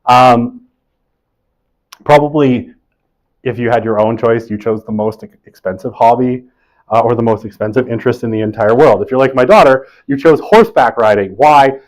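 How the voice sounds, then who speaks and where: A man's voice: mid-range voice, moderate pace, low-quality recording. A man in his forties giving a conversational university lecture in a classroom, often checking in with "right?" and adding self-deprecating jokes.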